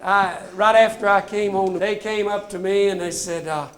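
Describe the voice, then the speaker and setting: An older man with a drawl tells stories in a folksy, self-mocking way. His voice sits high for a man and keeps calling out to the crowd. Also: steady tone, moderate pace. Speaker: comedian telling trooper stories. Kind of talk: stand-up storytelling.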